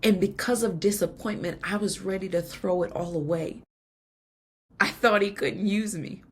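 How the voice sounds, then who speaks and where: A woman's voice: medium pitch, moderate pace, a little hiss or hum. A woman podcast host giving an earnest, emotional personal faith testimony, laughing now and then between lines.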